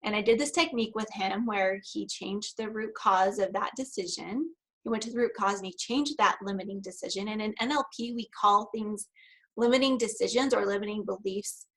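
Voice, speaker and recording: A woman's voice: mid-range voice, a little fast, a bit bright, low-quality recording. A woman giving a virtual conference talk as a practitioner, telling a story conversationally with laughs and then reading prepared remarks. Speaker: NLP practitioner and speaker.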